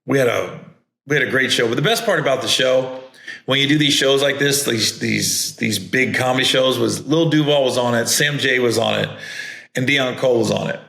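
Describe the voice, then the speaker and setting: A man's voice: mid-range voice, moderate pace, vocal fry, fairly bright tone. A man hosting a podcast, telling casual, rambling stories and mimicking other people's voices. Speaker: podcast host and comedian. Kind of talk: casual storytelling. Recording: echoey room.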